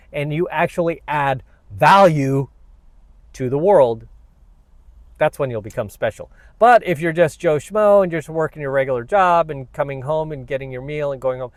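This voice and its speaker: A man with a slightly high voice runs his own self-help channel, ranting on camera with a combative, preachy bluntness and lots of "you know what"s. The recording has no room sound.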